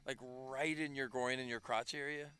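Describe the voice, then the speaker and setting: A man co-commentating a live event and reading viewer comments aloud. His voice sits at an ordinary mid pitch, and he keeps the banter loose and joking. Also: steady tone, normal speed, sharp tone.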